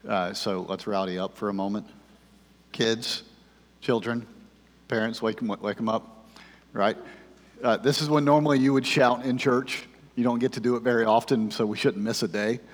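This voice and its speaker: A male pastor preaching a sermon in church into a microphone, filling his talk with "uh" and moving between loud rallying and hushed prayer. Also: mid-range voice, fairly even intonation, moderate pace. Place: church sanctuary. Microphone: handheld microphone. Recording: long hall reverb.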